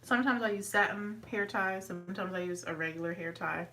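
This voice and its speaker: Woman vlogger, bright voice, mic a bit far off w faint noise, chatty hair talk. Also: brisk. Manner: chatty, talks to her dog in a high sweet voice. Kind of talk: casual hair tutorial chat.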